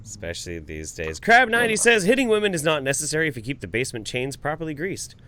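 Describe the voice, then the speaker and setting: A man co-hosting a podcast in casual chat, reading out viewer comments, loud and animated, with frequent swearing. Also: on the high side, fast, slight background noise. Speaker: podcast co-host.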